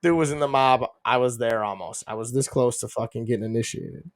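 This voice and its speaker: A podcast co-host with a medium-pitched voice talks fairly quickly in casual chat. He tells rambling, profane stories and laughs often along the way.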